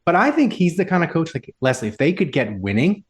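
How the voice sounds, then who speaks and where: Animated, rambling male podcast host. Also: on the high side, a little fast. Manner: rambling, filler-heavy, animated storytelling. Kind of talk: casual sports chat.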